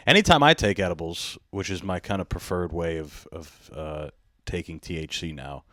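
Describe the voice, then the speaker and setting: Deep-voiced laid-back podcast host. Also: male voice, normal speed, a bit bright, dry recording, studio quality. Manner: laid-back, laughs often, jokey asides. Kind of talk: casual chat.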